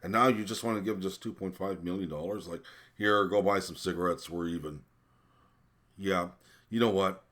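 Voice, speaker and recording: An indignant man with a very low voice rants through a list of spending figures. He swears, trips over his words and leans on fillers as his anger builds. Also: normal speed, fairly bright tone. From American. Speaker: vlogger. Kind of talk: ranting commentary.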